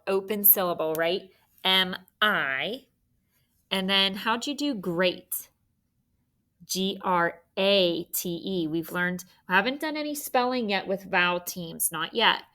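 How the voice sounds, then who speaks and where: A woman's voice: on the low side, bright, forceful tone. A young woman teaching a spelling lesson by video, patient and encouraging, spelling words out letter by letter.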